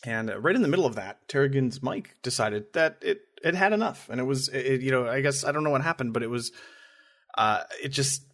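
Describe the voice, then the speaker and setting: A man's voice: mid-range voice, expressive, fairly quick, fairly bright tone. A man co-hosting a podcast, chatting casually and often repeating words as he talks. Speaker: podcast co-host.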